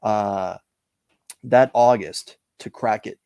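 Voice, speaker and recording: Man, middle-aged, from Canada, gravelly voice, dry close sound, reflective storytelling. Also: fairly low pitch, darkish tone, dry recording. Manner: measured, reflective storytelling with frequent "uh" pauses. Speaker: interview guest, comic collector. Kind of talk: casual storytelling interview.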